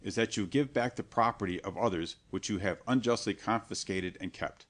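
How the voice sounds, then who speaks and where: Austere monk, grave and unbending, read by a male audiobook narrator; low voice. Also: close to an everyday voice. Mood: stern. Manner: grave, measured, severe. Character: stern, solemn male monk preacher, unbending.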